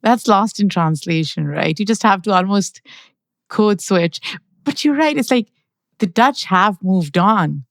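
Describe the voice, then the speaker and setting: A woman's voice: mid-range voice, expressive, a little slow, no echo, studio quality. A woman hosting an interview podcast, responding with enthusiasm and asking questions. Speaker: podcast host. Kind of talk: interview conversation.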